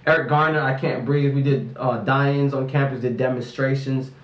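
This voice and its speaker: A man's voice: medium pitch, steady tone, normal speed, reverberant, dull audio. A man in his twenties from North Carolina, speaking candidly and emphatically in an interview, frustration and passion running through his words. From Raleigh, North Carolina. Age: 20s. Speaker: interviewee, student activist.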